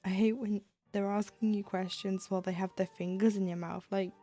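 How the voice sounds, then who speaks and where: A woman's voice: medium pitch, lively intonation, normal speed, few pauses, warm tone, faint music behind. A woman chatting casually on a live stream while she stitches, acting out little quoted exchanges with a self-deprecating humor.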